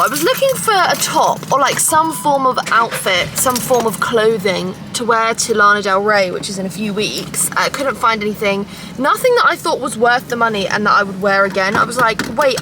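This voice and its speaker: Chatty, sweary young woman vlogging in her car. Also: a little high. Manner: chatty, sweary, self-mocking storytelling. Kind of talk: casual vlog chat. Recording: noisy car with traffic outside. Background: road and engine noise.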